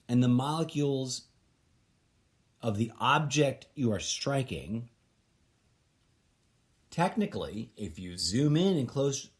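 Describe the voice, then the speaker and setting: A man hosting his own podcast, thinking aloud in a casual, rambling monologue that is full of restarts and loose asides. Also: mid-range voice. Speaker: podcast host.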